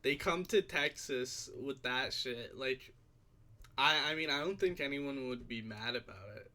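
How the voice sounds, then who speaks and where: A man's voice: medium pitch, unhurried, bright, forceful tone. A man co-hosting a stream, chatting casually in a laid-back way, full of bro and like. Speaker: co-host. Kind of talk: casual chat.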